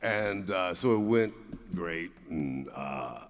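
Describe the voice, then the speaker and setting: A man speaking on a convention panel, telling a halting anecdote with many fillers. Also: deep voice, lively intonation, a little hiss or hum.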